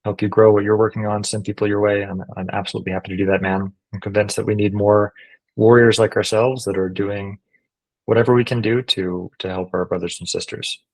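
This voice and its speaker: Lower-voiced man hosting a friendly interview. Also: level tone, brisk, a little mellow, poor audio. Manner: friendly, calls guest brother. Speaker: podcast host, veteran. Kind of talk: casual interview talk.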